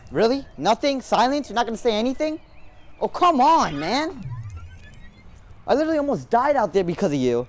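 In an amateur short film, a young man with a high-pitched, slightly mellow voice plays a talkative young man who befriends a creature. His character gets exasperated fast and apologizes just as fast.

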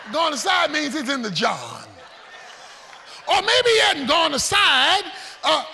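A man preaching a sermon, storytelling with folksy humor and swinging between shouts and hushed asides. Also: very high voice, in a large hall, a little hiss or hum. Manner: animated preaching, shouting and then dropping to a hush. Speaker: pastor.

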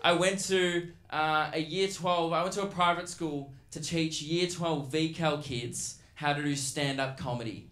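A man's voice: a little high, steady tone, unhurried, hardly any pauses, a bit bright. A man with an Australian accent doing a crude, mocking stand-up set on stage, talking into a handheld mic. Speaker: stand-up comedian. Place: comedy stage before a live audience. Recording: roomy venue echo.

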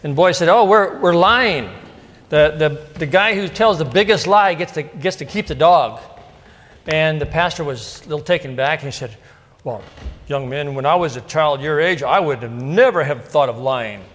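In a large hall, a middle-aged male pastor with a fairly high, fairly bright voice speaks at a moderate pace. His conversational sermon in the church sanctuary is casual and story-filled, packed with asides and rhetorical questions to the congregation.

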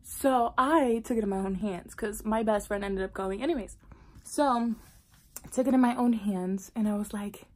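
Animated woman vlogger telling a story. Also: mid-range voice, moderate pace. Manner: animated, with dramatic whispered asides. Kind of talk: casual storytelling to camera.

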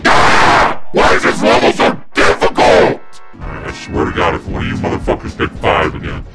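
A man yelling and cursing in frustration while playing video games, his voice run through a demonic filter. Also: very deep voice, big pitch swings, normal speed, gravelly, over loud music. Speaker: gamer. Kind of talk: rage-filled gameplay commentary.

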